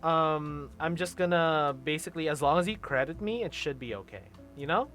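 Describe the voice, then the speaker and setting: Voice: medium pitch, animated, moderate pace, fairly bright tone, faint music behind. A streamer hosting a casual chat, playful and laughing often, trailing off into fillers. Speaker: streamer host.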